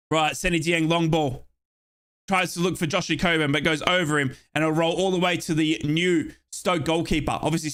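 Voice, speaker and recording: Here a youthful Australian man offers energetic, talkative play-by-play of a football game from a fan's perspective, with cheeky side remarks. His pitch is a little high.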